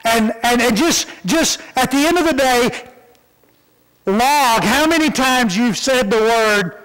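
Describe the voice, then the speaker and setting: A man's voice: very high-pitched, lively intonation, takes it slowly, fairly bright tone. A man preaching a sermon in a folksy way, often repeating words as he starts a sentence. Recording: church hall reverb.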